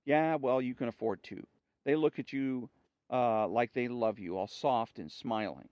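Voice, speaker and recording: A man reading aloud and voicing a fuming, vindictive old sun woman in a sharp, huffy way, on a dull dry recording. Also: medium pitch, unhurried, dry recording, lightly acted. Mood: bitter.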